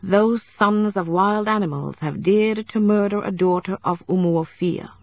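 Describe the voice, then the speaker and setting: A woman's voice: mid-range voice, unhurried, a little mellow, no echo. A woman reading the lines of a grim male clan orator, spoken firmly through clenched teeth, in a dull lo-fi recording. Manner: firm, clenched delivery.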